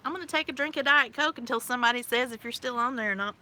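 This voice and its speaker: Bright, high-voiced bubbly woman in her forties. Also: racing. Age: 40s. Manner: bubbly, chatty, laughs often. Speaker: livestream host. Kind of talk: casual live-stream chat. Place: outdoors by a pool on a windy day. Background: wind gusts.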